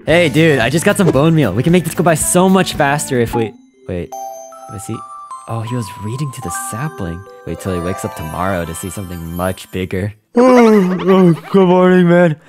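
A man voicing his own cartoon character in excitable, quick reactions, full of surprised outbursts, over background music. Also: lowish voice. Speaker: host and animator of a game cartoon. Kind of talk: animated cartoon voice acting.

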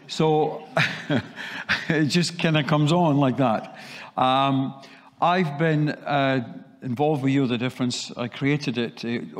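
A middle-aged man with a slight Scottish accent gives a chatty conference talk and tells his story with occasional restarts. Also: mid-range voice. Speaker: keynote speaker. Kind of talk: conference presentation. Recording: long hall reverb.

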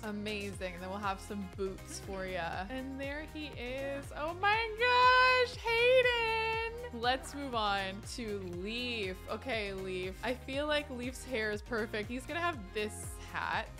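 A woman giving excitable, gushing let's play commentary on a life-simulation game. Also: medium pitch, a little slow, few pauses, over music. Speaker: gaming YouTuber.

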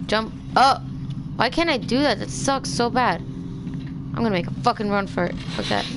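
A woman's voice: fairly high pitch, normal speed, background noise. A young woman streaming a game, talking in exasperated, swearing bursts of frustration. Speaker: gaming streamer. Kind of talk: live let's play commentary.

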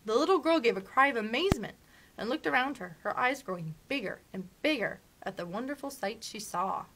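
Woman, librarian, children's storytime, read-aloud, expressive, swooping delivery, gasps. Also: a little high, a little fast, noisy background. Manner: expressive, animated, gasps at dramatic moments.

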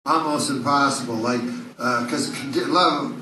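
A man's voice: medium pitch, moderate pace, pushed and bright, a little hiss or hum. A man doing a profane, rambling stand-up set in a comedy club. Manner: rambling, profane, loose storytelling. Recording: echoey bootleg audience recording from far off. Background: laughing crowd.

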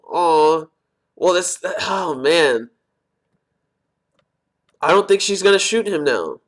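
A man's voice: a little high, animated, takes it slowly, long pauses. A man reacting live to a manga chapter, reading lines aloud and exclaiming often as he goes. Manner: reads character lines aloud in quotes. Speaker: manga reviewer.

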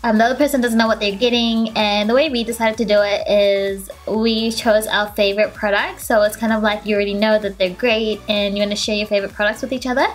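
A young woman beauty vlogger talking casually and gushing excitedly while she unboxes gifts, with lots of fillers. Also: a little high. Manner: bubbly and gushing, many fillers.

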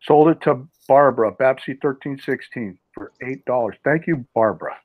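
A man's voice: mid-range voice, moderate pace, dry recording. A man hosting a live online auction, calling bids and greeting chat viewers by name. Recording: tinny phone-like sound, dry.

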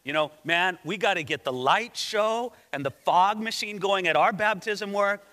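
A pastor playing an imagined ancient preacher who talks in breezy modern slang about drawing crowds. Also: male voice, normal speed, bright, forceful tone. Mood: scheming. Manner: low, breezy, mock-casual. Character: scheming ancient male preacher chasing crowds, casual slang.

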